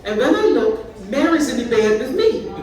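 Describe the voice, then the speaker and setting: A woman's voice: high voice, very animated, moderate pace, a little mellow. A Bermudian woman in her sixties doing stand-up, telling chatty stories at a live party and breaking into laughter. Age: 60s. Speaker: stand-up comedian. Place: party venue with a live audience. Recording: echoey room, mic from far off, audience laughter.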